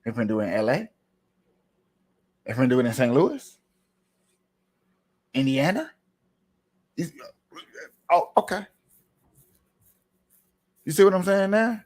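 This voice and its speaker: A man gives casual commentary on a clip he is playing for his viewers. He rants in a rambling, animated way and keeps circling back to the same phrases. His voice sits a little higher than usual. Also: a little slow, long pauses.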